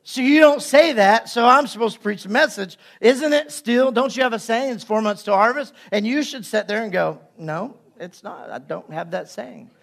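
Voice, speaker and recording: A man's voice: extremely high pitch, moderate pace, hardly any pauses, fairly bright tone. A male pastor delivering a conversational sermon, acting out little scenes and jokes to make his point. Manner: conversational preaching with playful acted-out asides.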